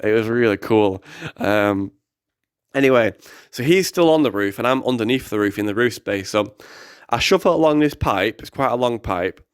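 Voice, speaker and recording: A young man with an animated, rambling manner, telling a story casually on a podcast. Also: mid-range voice, moderate pace, clean tone, no echo, clean studio sound. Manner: animated, excitable, rambling with fillers. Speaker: activist podcast host.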